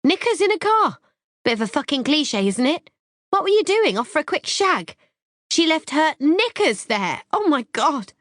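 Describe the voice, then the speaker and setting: A woman voicing a shrill woman in her thirties, explosive and accusing, in audiobook dialogue. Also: big pitch swings, quick pace, dry recording, studio quality. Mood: shrill fury. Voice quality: shrill, high-pitched. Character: woman in her 30s, shrill, feigning shock and outrage.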